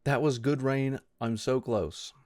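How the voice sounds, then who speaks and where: Slow, wry British-accented male streamer. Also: medium pitch, fairly even intonation, darkish tone, dry recording, studio quality. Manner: wry, teasing, meandering, frequent throat-clearing. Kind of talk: casual live-stream chat with viewers. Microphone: close desk mic.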